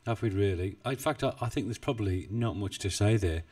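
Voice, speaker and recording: A low-voiced man talks casually through a live stream, rambling and self-deprecating as he goes. His desk mic sits a bit too far away, so he sounds distant. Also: a little fast, a little mellow, slightly rough. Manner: chatty, rambling, self-deprecating, chuckles often. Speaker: forex trading live streamer. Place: home desk in the UK. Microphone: desk mic, not well placed.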